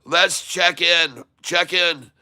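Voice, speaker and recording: A man from Michigan chatting on his live stream, eagerly calling out where his viewers are. His voice is bright, forceful and smooth, sitting a little high for a man. The sound is close and dry. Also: extremely slow, dry recording. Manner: excitable, reading out viewer shout-outs. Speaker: livestream host. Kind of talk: casual livestream chat.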